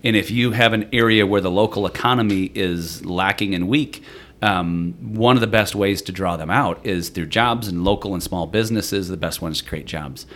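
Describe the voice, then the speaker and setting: A man in his forties talks as a podcast guest, his voice sitting fairly low. He tells stories in a loose, chatty way, often starting a sentence over before he finishes it. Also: moderate pace. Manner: chatty, animated storytelling with many restarts. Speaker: interview guest. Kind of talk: casual conversation.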